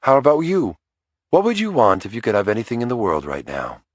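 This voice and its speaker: A man's voice: mid-range voice, huge pitch swings, fairly quick, no echo, clean studio sound, voice pushed up. A man doing a teasing, playful young woman.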